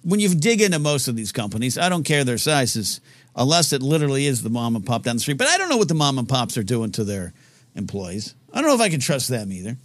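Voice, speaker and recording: A man hosting a live call-in show in casual chat, rambling and halting with many restarts. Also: medium pitch, very animated, no room sound.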